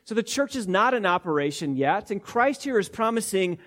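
A man's voice: sits high, sing-song, moderate pace, hardly any pauses, a bit bright. A man preaching an expository sermon as pastor, teaching emphatically word by word with frequent repetitions.

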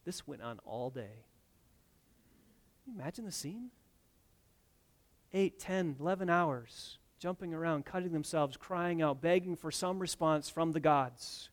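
A man delivers a dynamic sermon in a somewhat high voice. He swells loud and emphatic on his main points, then falls quiet and conversational for asides. He retells scripture stories vividly, acting out the dialogue. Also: animated, measured pace, long pauses. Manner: retells scripture with acted quotes and asides to the congregation. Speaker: pastor.

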